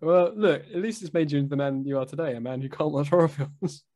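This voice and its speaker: A man's voice: a little high, a little fast, mellow. Joking young man. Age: 20s. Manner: joking, teasing, laughs often. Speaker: podcast co-host. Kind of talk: casual chat.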